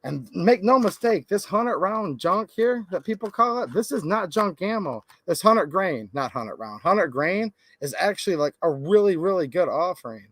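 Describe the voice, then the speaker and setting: A man's voice: high voice, lively intonation, normal speed, few pauses, a bit bright, dry recording. A man hosting a gun channel, venting and chatting casually with lots of "like", in his thirties. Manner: rambling, laid-back, lots of "like".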